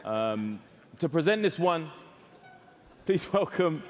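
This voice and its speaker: A man's voice: on the high side, a little slow. A man hosting an awards ceremony on stage, joking, rambling and laughing at his own jokes. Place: large hall with live audience. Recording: long hall reverb, audience noise.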